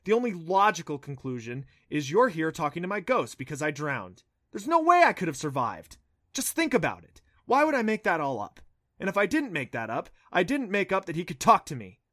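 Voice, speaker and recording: A man's voice: a little high, very animated, a little fast, few pauses, a bit bright, no echo, voice pushed up. A man voicing an earnest, stubborn young boy who insists on his story, in a dry audiobook reading. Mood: insistent. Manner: insistent, defiant.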